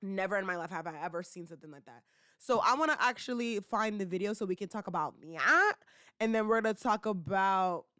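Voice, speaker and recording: A young woman hosting a casual commentary podcast, talking in slangy, animated bursts full of rhetorical questions and teasing. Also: medium pitch, fairly quick, dry recording, studio quality. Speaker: podcast host.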